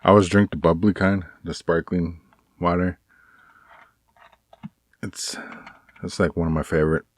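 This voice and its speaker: A man talking in a casual personal vlog, rambling and halting with many restarts, earnest and aggrieved. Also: low voice, fairly even intonation, no room sound, studio quality. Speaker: vlogger.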